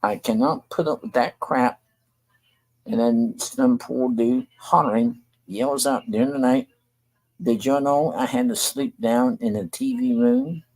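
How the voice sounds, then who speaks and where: Older guy, gravelly and raspy, griping hard on his own little tv show. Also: mid-range voice, sing-song, measured pace, darkish tone, rough recording. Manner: blunt, agitated, repetitive complaining. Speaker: show host. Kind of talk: venting monologue to camera.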